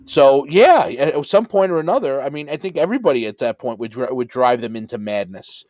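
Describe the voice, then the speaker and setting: A man co-hosting a podcast, excitedly retelling movie scenes with lots of swearing and laughter. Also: medium pitch, brisk, dry recording. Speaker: podcast co-host. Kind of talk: casual movie chat.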